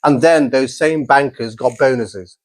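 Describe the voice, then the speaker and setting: A middle-aged man from England, talking as a podcast guest in an animated, enthusiastic storytelling manner. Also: mid-range voice, measured pace, dry recording. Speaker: podcast guest, college principal. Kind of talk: casual podcast interview.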